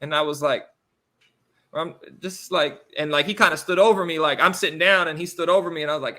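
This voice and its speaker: American man, 30s, interview guest; bright, forceful voice, rambling storyteller. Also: fairly high pitch, a little fast. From United States. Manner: animated, rambling anecdotes with many fillers. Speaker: interview guest, professional basketball player. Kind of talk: casual storytelling.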